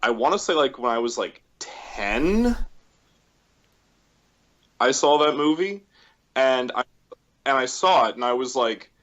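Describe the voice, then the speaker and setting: A man's voice: medium pitch, lively intonation, moderate pace, a bit bright. A man as a guest in a casual interview on a video call, eager and stammering over restarts.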